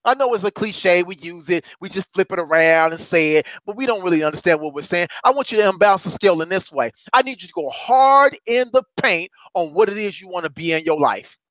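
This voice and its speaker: A high-pitched man preaching as a motivational courage coach, talking in with emphatic, repeated phrases. His voice swings from quiet low asides up to loud, soaring calls. The sound is dry and close, with no room around it. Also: animated, fairly quick, hardly any pauses, no echo. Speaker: self-described courage coach. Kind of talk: motivational talk to a congregation.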